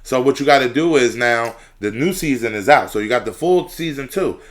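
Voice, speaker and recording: A man's voice: mid-range voice, animated, brisk. A man co-hosting a casual podcast chat. He speaks in a laid-back way and grows emphatic when he pushes a recommendation. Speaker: podcast co-host.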